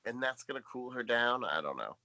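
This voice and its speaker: A man's voice: medium pitch, sing-song, a little fast, sharp tone. A man co-hosting a podcast, making dry, wry remarks in casual chat. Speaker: podcast co-host.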